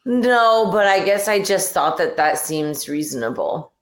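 A woman's voice: fairly low pitch, animated, measured pace, echoey room. A woman guest on a podcast talking frankly and irritably in casual conversation, trailing off with fillers. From New York and New Jersey area.

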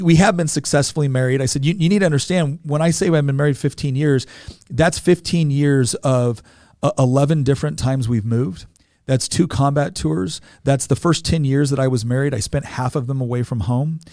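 A man's voice: a little high, a little mellow, no echo, clean studio sound. A man in his forties, a podcast guest, telling a personal story in an earnest way, often repeating words as he goes.

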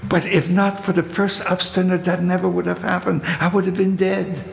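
Gravelly older man with a German accent. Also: high-pitched, flat delivery, normal speed. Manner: vivid storytelling, acts out quoted voices, rhetorical questions. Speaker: Holocaust survivor telling his story. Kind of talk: spoken testimony. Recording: echoey hall with faint noise.

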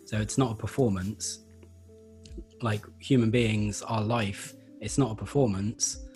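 Thoughtful low-voiced man, many fillers. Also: fairly even intonation, measured pace, a little mellow, soft background music. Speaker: Feldenkrais practitioner. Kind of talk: conversational interview.

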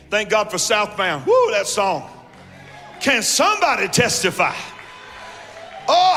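Male guest preacher, very high, bright voice, fiery call-and-response delivery, long church reverb with music underneath. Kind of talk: sermon. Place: large church hall.

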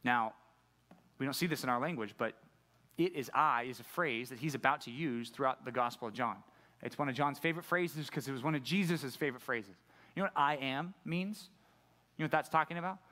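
A middle-aged pastor giving a conversational sermon, often putting questions to the congregation. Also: male voice, medium pitch, fairly quick, bright, forceful tone. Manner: conversational preaching, asks the audience questions.

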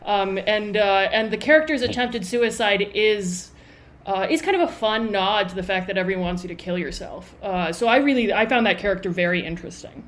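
A woman's voice: mid-range voice, brisk. A woman talks through film trivia she has looked up, in a casual movie review chat. She is chatty and leans on fillers as she goes. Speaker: podcast co-host.

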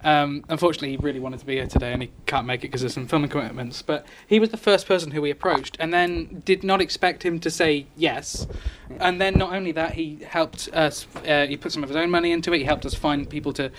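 A fairly high male voice answering at a live cinema Q&A, stopping and starting with ums and uhs. Noise from the room is clearly heard under him. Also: steady tone. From England. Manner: halting, with many ums and uhs. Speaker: film director. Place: cinema with an audience.

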